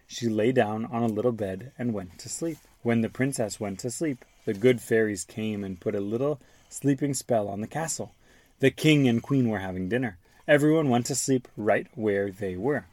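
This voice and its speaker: A father reads a children's storybook aloud to his son, gently stopping to explain words. His voice sits at an ordinary middle pitch. The sound is dry and close, with no room echo. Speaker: father reading to his child, podcast host.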